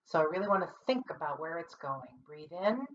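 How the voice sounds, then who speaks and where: A woman who is a music teacher and conductor, calmly explaining vocal technique in an online singing lesson, seated at her computer. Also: low voice, fast talker, slight background noise. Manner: calm, explanatory, practical. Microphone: computer mic. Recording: distant, dull lo-fi computer audio.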